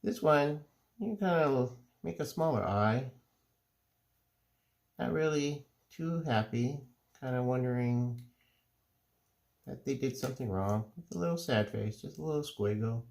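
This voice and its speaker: A middle-aged man calmly explaining, step by step, how to draw cartoon faces. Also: mid-range voice, vocal fry. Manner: relaxed, unhurried step-by-step explaining. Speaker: drawing teacher. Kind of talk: casual drawing tutorial.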